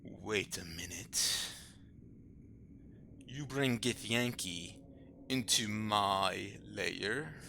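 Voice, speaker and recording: A man voicing an eyeless many-headed root monster that speaks in a calm, oddly proper way. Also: medium pitch, unhurried, slight background noise. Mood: menacing.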